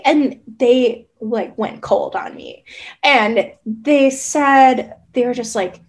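A woman with a high voice talks in a relaxed, meandering way, trailing off and circling back with lots of fillers. She is a therapist guest from Southern Indiana, chatting casually about her experiences. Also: slow pace. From Southern Indiana, USA. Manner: soft, rambling, many hesitant fillers. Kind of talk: casual conversation.

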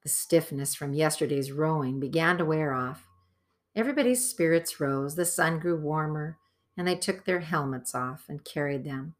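A woman narrating a children's novel as an audiobook, measured storytelling. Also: deep voice. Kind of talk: scripted narration.

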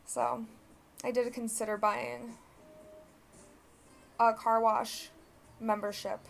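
A woman's voice: fairly high pitch, level tone, slow, creaky, pauses often, a little hiss or hum. A young woman hosting a solo podcast, rambling through casual stories with lots of filler words and swearing. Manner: self-correcting, conversational storytelling. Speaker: podcast host.

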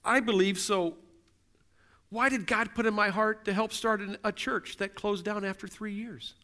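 A middle-aged pastor preaches a sermon in a high, sharp voice with fairly even intonation at a moderate pace. He is earnest, building momentum through repeated rhetorical questions.

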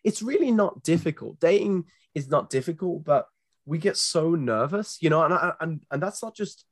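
A man with a British accent, a guest on a podcast interview, giving earnest, animated dating advice with frequent restarts. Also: a little high, moderate pace, dry recording, studio quality. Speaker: guest, dating company founder.

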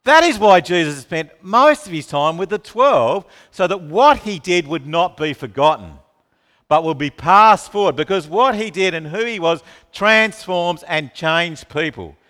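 A man's voice: sits high, a little slow. A man preaching a sermon, asking the congregation questions and calling on listeners by name. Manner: animated, asks the room questions, calls on listeners by name. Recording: long reverb of a hall.

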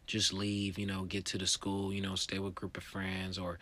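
A man hosting a show, telling a profane story with lively voices, shouting high when he acts out scenes, and turning calm and reflective later. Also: normal speed. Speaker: comedian host. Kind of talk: stand-up storytelling.

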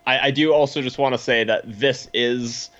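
A man co-hosting a podcast in casual chat, relaxed and agreeable, laughing easily. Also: medium pitch, moderate pace. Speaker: podcast co-host. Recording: slightly dull, lo-fi mic.

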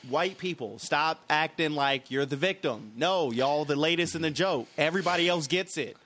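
A man's voice: on the high side, normal speed, a bit bright. A man co-hosting a podcast in casual chat, blunt and emphatic in his points. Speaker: podcast co-host.

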